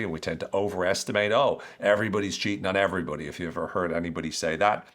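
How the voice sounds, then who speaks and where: A man hosting an educational podcast, explaining ideas in a conversational, animated way with rhetorical questions. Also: low voice. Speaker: podcast host.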